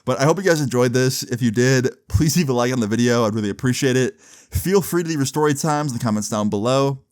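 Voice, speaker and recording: A young man telling a story on his vlog, loose and slangy, often laughing. He swears freely and speaks in a medium pitch. It is casual chatter straight to his viewers. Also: fast talker, darkish tone, smooth. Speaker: vlogger.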